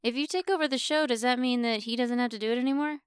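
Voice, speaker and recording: A woman playing the host's dry, teasing wife, needling him in a deadpan way. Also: a little high, fast, clean tone, dry recording, close to an everyday voice. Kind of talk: improvised comedy podcast.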